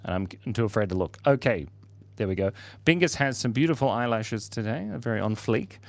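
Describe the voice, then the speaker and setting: A man's voice: medium pitch, animated, fairly quick, vocal fry. A man hosting a casual livestream, drawing while he reads out viewers' chat messages, joking and laughing as he goes.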